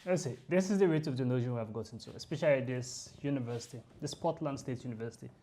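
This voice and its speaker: A woman ranting through a reaction video, emphatic and indignant, repeating her points forcefully. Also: rumbling low, fast talker, faint music behind.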